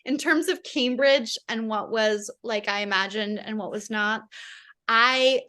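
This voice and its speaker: Reflective woman guest, high voice. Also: measured pace, pushed and bright. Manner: reflective, laughs often, many "like" fillers. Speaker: guest author. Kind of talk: casual conversation.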